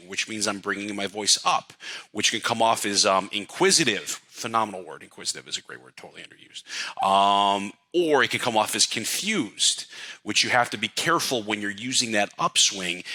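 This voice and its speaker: A middle-aged man coaching real estate agents in a casual talk, animated and checking that listeners follow along. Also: fairly low pitch, rough recording. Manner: animated, demonstrates voice upswings and downswings, asks the audience to follow.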